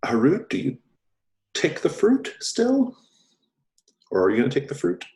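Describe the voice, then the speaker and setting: A man narrating as game master of a tabletop game, relaxed and quick to laugh. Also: mid-range voice. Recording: roomy echo.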